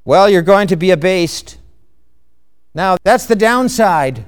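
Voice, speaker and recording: A man delivers a sermon in a slow, deliberate cadence, stressing key words and posing rhetorical questions. His voice is clear and resonant, fairly high for a man. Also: expressive. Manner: emphatic, measured preaching with rhetorical questions. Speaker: preacher.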